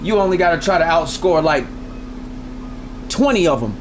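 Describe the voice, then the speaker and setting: A man livestreaming a game, chatting casually in a boastful, profane, slangy way that gets loud when excited. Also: on the high side, moderate pace, a little hiss or hum. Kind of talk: casual live-stream chat.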